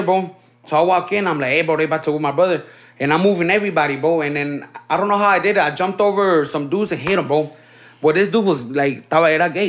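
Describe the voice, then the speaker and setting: A man in his thirties telling stories in casual chat, laid-back and slangy, dropping in Spanish filler words. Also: on the high side. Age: 30s. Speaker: podcast host. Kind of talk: casual storytelling.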